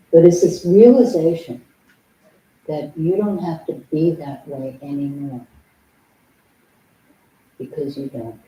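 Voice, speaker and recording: An older woman with a low, mellow voice speaks as a Zen teacher, telling a personal story frankly and with dry humor. She is heard from some way off in an echoey hall. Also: far from the mic. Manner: frank, humorous, acts out remembered dialogue. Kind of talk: dharma talk with personal storytelling. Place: temple meditation hall.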